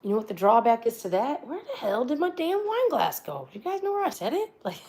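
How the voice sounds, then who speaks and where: A woman's voice: a little high, sing-song, brisk, a little mellow, slight background noise, rough recording. A middle-aged American woman chatting casually on a live stream, rambling and swearing freely as she talks. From United States. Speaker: vlogger.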